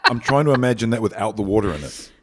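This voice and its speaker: A man's voice: on the low side, fast talker, in a large hall. A man hosting a podcast, chatting casually and joking playfully. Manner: jokey, playful, laughs easily. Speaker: podcast host. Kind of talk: casual chat.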